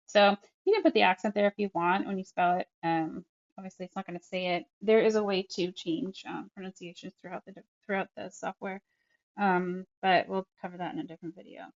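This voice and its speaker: A woman's voice: mid-range voice, darkish tone, highs cut off. A woman speech therapist casually narrating an app tutorial step by step, chatty and full of fillers. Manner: chatty, narrates each tap, frequent fillers. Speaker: speech-language pathologist.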